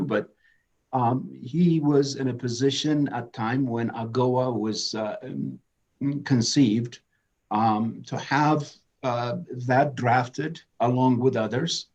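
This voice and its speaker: A man's voice: mid-range voice, a little mellow, dull audio. A man moderating a webinar, giving passionate opening remarks that rise to emphatic declarations.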